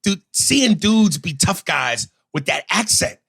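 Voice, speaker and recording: A man's voice: sits high, big pitch swings, takes it slowly, creaky, fairly bright tone, breathy edge, no echo. A man co-hosting a podcast in casual chat, blunt, profane and joking. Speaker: podcast co-host.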